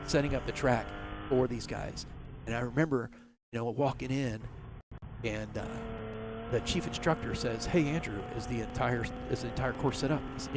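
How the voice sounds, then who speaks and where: A man's voice: mid-range voice, background noise. A middle-aged man telling a rambling story in a casual interview, full of fillers and restarts. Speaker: race team owner, interview guest.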